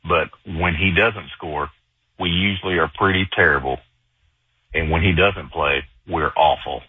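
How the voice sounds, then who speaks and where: A man's voice: low-pitched, a little slow, husky, no room sound. A man from Arkansas calling in to a sports talk show, talking casually and often repeating words while he thinks. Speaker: caller. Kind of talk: casual call-in sports chat. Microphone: phone. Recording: phone line, dry.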